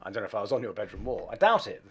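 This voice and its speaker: A man's voice: fairly low pitch, very animated, racing, a bit bright, slightly rough. A man talking as a guest in a casual chat, wry and self-deprecating as he tells stories.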